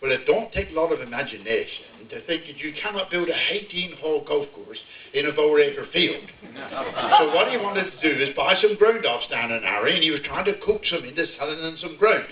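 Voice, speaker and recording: An older man with a broad West Country burr spins a comic village yarn, chuckling as he goes. His voice sits high and carries. It comes through an echoey hall from a distant mic, with a dull, muffled sound. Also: animated, fairly quick. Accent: West Country English. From Devon, England. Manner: broad rural yarn-spinning, chuckling as he tells it. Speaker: storyteller. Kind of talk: humorous dialect storytelling. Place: village hall, live audience.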